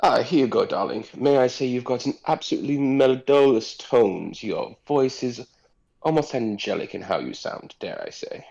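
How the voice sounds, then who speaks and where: A man's voice: mid-range voice, normal speed, creaky, a little mellow, dull audio, pitched above the performer's own voice. A man voicing a pompous, flirtatious nobleman who talks in flowery, overly polite phrases. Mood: smarmy.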